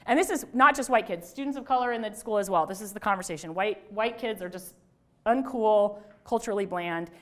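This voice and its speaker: A middle-aged woman, a religious studies scholar, giving a conversational lecture to an audience, with self-deprecating asides and restarts. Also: on the high side. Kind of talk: lecture talk to a live audience.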